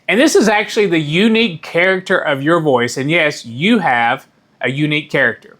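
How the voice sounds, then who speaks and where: A middle-aged man coaching viewers on how to speak, his voice a little higher than most men's. He talks in a measured, deliberate way, leaning on the key words, and sometimes stops to correct himself mid-sentence. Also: fairly bright tone. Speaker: communication coach. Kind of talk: instructional talk to camera.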